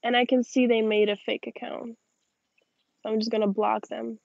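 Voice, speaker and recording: A young woman, tired and yawning, reading viewer questions aloud and chatting back in a relaxed way on a livestream outdoors. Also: fairly high pitch, normal speed, vocal fry, dry recording, muffled recording. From Russian-speaking family. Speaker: livestream host. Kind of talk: casual livestream chat reading comments.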